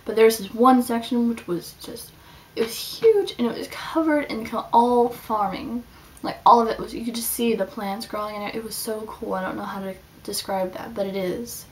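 A woman's voice: a little high, moderate pace. A young woman chatting casually in a video diary, rambling with lots of "like" as she tells her week. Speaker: student vlogger. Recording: slightly distant mic, faint background hiss.

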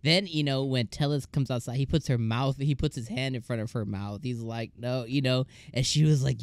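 A man's voice: medium pitch, moderate pace, few pauses, smooth, no room sound. A man casually reviewing an anime episode, laughing often and acting out scenes in comic voices.

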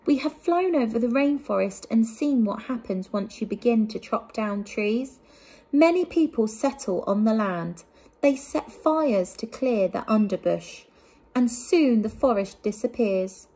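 A woman voicing a squawking toucan that warns gravely, in a picture-book reading for children. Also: expressive, a little slow, dark tone, full character voice. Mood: warning. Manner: squawking, raised pitch. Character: squawking toucan, urgent and warning.

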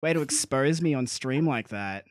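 A man's voice: mid-range voice, animated, normal speed. A man chatting on a game stream, sheepish and self-deprecating. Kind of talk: casual streaming chat over voice call.

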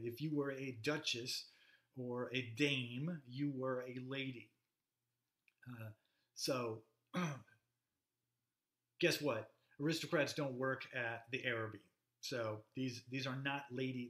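A man's voice: mid-range voice, fairly bright tone. Man lecturing in an echoey room. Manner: conversational, halting, filler-heavy, reads passages aloud. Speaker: literature lecturer. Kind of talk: recorded classroom lecture.

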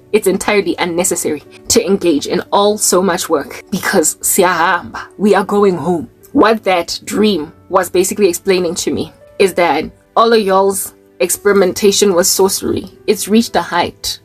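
Husky South African woman preaching. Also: mid-range voice. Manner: emphatic, repeats key phrases for stress. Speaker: Christian vlogger. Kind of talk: preachy personal testimony.

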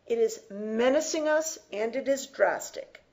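Slow, emphatic woman teacher. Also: a little high, a little mellow. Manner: emphatic, repeats and defines words slowly. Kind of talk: lecture, close reading of a text.

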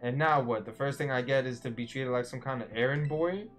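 A man's voice: mid-range voice, a little fast, faint music behind, lightly acted. A man reading aloud the lines of a bitter teenage boy in a video game, in a grumbling tone. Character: moody teenage boy, bitter about his absent mother.

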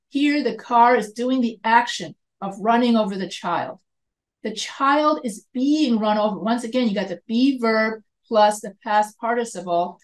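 A woman's voice: a little high, poor audio. An American woman teaching an online grammar lecture, explaining step by step, repeating points and correcting herself. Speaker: writing instructor.

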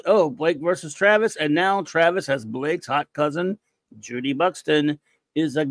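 Speaking a little slowly, an excitable male podcast host rambles over listener reviews, joking and occasionally shouting in casual conversation. His pitch is slightly high for a man, and the recording is dry with no echo.

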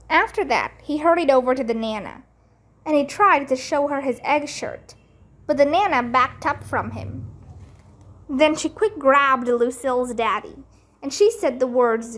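Slow high-voiced woman reading a children's book. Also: animated, fairly bright tone. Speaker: storybook reader. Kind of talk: children's book read-aloud.

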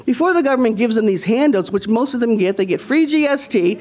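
Speaking on a conference panel, a Nova Scotian woman who leads her community rouses the room with rhetoric and repeated phrases. Her voice is a little high, expressive and a little mellow, and she talks fast.

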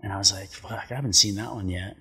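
Brief: middle-aged man, podcast guest, casual storyteller, breathy and low, swears freely. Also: fairly even intonation, fast talker, bright, forceful tone. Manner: laid-back, swears a lot, acts out quotes. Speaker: podcast guest, pro surfer. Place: studio.

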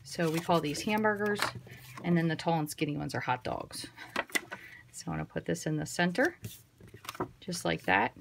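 A woman's voice: deep voice, normal speed, gravelly, long pauses, noisy background. A woman giving a casual, chatty card-making tutorial, thinking aloud as she works. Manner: chatty, relaxed, thinks aloud while working.

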